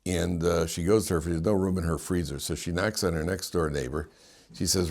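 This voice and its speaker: A rabbi with a low voice talks a little fast as he lectures on the weekly Torah portion. His talk is lively and funny, full of homely stories, chuckles, and Hebrew terms mixed into his English.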